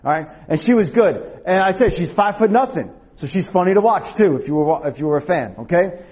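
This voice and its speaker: Male youth preacher, high husky voice, storytelling sermon, chatty rhetorical check-ins. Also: brisk. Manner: animated storyteller, acts out shouted quotes, rhetorical "okay?" and "all right?".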